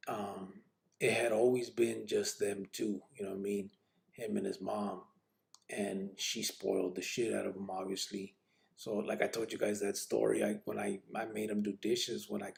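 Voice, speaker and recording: A man with a deep, heavily gravelly voice tells his own story on a podcast. He rambles in a laid-back way, with slang, swearing and a steady "you know what I mean". The tone stays casual throughout. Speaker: podcast host.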